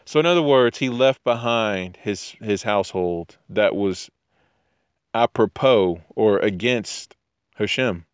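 A man's voice: fairly low pitch, slow, clear, resonant tone, no room sound. A man giving casual scripture teaching with jokey asides, rambling tangents and frequent restarts. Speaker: teacher of Torah.

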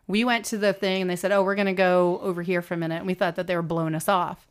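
Middle-aged american lady spinning a story, lively, acts out what people said. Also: on the low side, quick pace, smooth. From United States. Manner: animated, quotes people in raised voices. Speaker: guest telling a story. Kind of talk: casual storytelling chat.

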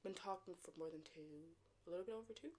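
A woman's voice: mid-range voice, rapid-fire, a little mellow. A young woman in her late teens chatting casually as a co-host, telling a dating story with frequent laughs and acted-out quotes. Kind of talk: casual chat.

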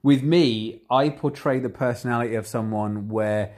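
A man talking candidly in a casual chat, rambling and getting animated as he retells conversations. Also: mid-range voice, normal speed.

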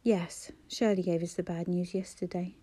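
A woman's voice: on the low side, fairly even intonation, normal speed, warm tone, slight background noise, close to an everyday voice. A woman voicing a polite, wry young mother.

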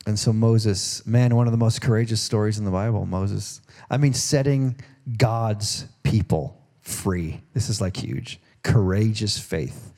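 A man's voice: on the low side, a little slow, darkish tone. A man preaching a sermon as pastor of a church in a conversational way. He asks the congregation questions and acts out voices in quoted dialogue. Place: church service.

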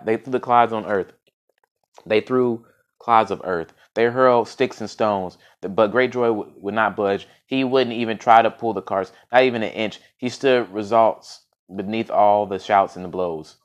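Male storyteller with a lowish voice; casual read-aloud of a folk tale, some stumbles. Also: unhurried. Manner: unscripted-sounding reading with frequent restarts and fillers.

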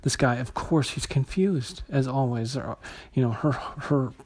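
Man for a comic review vlog: husky voice, halting delivery with lots of ums and restarts. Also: mid-range voice, a little mellow. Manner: hesitant, many fillers and restarts. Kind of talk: casual spoken review.

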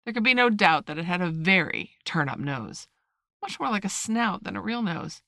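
A woman narrating a storybook in a measured, expressive read-aloud manner. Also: mid-range voice, gravelly, no room sound, studio quality. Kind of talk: storybook reading.

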